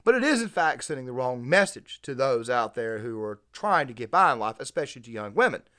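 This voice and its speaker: A man's voice: mid-range voice, big pitch swings, a little fast, a bit bright. A man hosting a reaction commentary, talking emphatically and wordily and repeating his phrases. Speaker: channel host.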